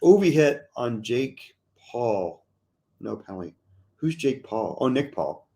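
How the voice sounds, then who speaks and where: A man hosting a casual hockey show at a middle pitch. He talks in an easygoing, chatty way, reading viewer comments aloud and weighing in on them. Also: slow. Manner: relaxed, chatty, reads out chat comments. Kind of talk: casual sports talk.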